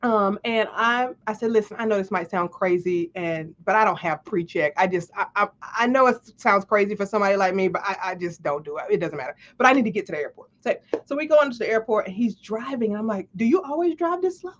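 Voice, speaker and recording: A woman's voice: mid-range voice, fast, hardly any pauses, a bit bright. A woman, a life coach, telling a story to a live audience with much animation, acting out the dialogue and laughing often. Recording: dull lo-fi stream audio.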